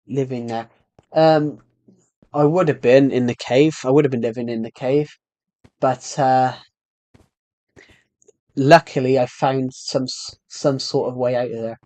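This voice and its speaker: A man's voice: medium pitch, darkish tone. Chatty young man streaming a game. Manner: rambling, chatty, with frequent restarts and fillers. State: sore throat. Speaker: gaming streamer. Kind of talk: casual live-stream chat while playing.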